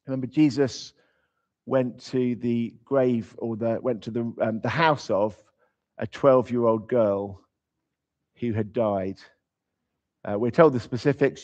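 A man's voice: mid-range voice, a little mellow. A man preaching in an informal, conversational way. He is emphatic and drops in humorous asides. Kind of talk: conversational sermon. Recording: slightly dull, lo-fi sound.

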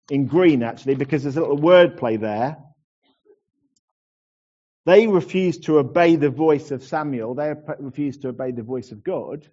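A man delivers a relaxed, conversational sermon, stumbling over the odd word as he goes. His voice is warm and slightly husky and sits a touch higher than usual, and the recording sounds dull and muffled. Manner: conversational, with frequent restarts and acted asides. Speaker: preacher.

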